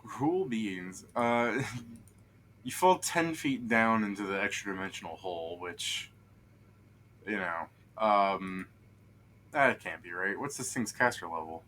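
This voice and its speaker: Bright-voiced, joking male game master. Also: on the low side, takes it slowly, slight background noise. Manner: laughs a lot, relaxed and joking. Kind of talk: casual game narration.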